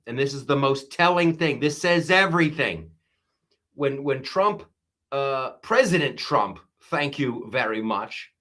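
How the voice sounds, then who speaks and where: A male comedian hosts an unplanned live stream and talks in a casual, excitable riff full of fillers. His voice is bright and forward, and his pitch is mid-range for a man. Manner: excitable, riffing, with frequent fillers.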